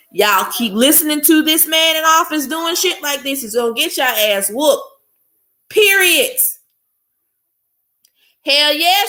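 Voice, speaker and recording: A woman's voice: high-pitched, expressive, slow pace, sharp tone. A woman hosting a live stream, ranting angrily and bluntly with profanity while greeting chat viewers. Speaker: podcast host. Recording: echoey room.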